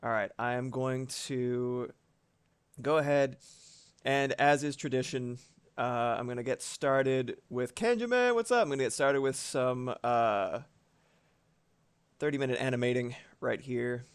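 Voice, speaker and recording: A man's voice: mid-range voice, measured pace, smooth, no echo. A man streaming live from home, chatting casually with his audience and swearing now and then.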